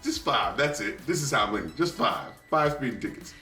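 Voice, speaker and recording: A man's voice: medium pitch, expressive, normal speed, gravelly. A man co-hosting a reaction video, telling funny stories in casual chat, laughing and acting out the voices of family members. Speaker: reaction channel co-host. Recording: echoey room, mic at a distance, soft music behind.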